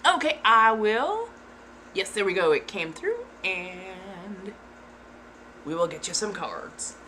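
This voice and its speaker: A woman's voice: on the low side, slow, a bit bright, slight background noise. A woman streamer chatting casually, frank and giggly, sometimes putting on playful voices. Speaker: ASMR streamer. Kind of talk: casual chat.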